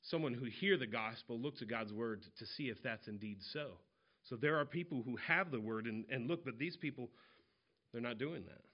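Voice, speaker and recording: At a normal speed, a man with a mid-range voice delivers a conversational expository sermon verse by verse, retelling parables in everyday voices, captured on a muffled recording.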